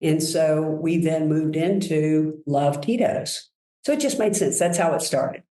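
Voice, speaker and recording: A woman guest telling enthusiastic, animated stories about her work in a relaxed conversation. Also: deep voice, measured pace, roomy sound, poor audio. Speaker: guest, brand executive. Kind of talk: conversational storytelling.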